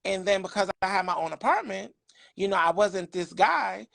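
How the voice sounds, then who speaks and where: A middle-aged man from New York City, a podcast guest telling candid personal stories in an animated, emphatic way. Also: high-pitched, moderate pace, creaky, no echo.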